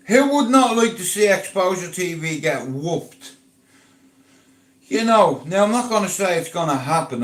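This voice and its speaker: Slow-talking sweary Irish man, echoey. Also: medium pitch, noisy background. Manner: blunt, sweary, boastful, slangy. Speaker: live streamer. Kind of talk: rambling casual live-stream chat.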